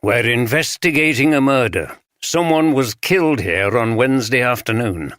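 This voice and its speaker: A man voicing a calm, kindly male police detective in an audiobook, speaking in a gentle, reassuring way. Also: medium pitch, normal speed, no echo, clean studio sound, natural voice.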